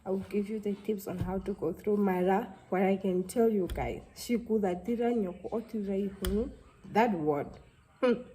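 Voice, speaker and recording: A young woman, talking to camera in a halting, heartfelt way and close to tears. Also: medium pitch, dark tone, low-quality recording. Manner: halting, heartfelt, with many restarts. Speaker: vlogger. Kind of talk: casual talk to camera.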